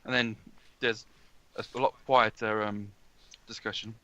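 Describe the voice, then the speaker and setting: A man running a tabletop game as game master, narrating in a halting way with many restarts. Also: lowish voice, flat delivery, bright, forceful tone, dry recording. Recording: dull, lo-fi.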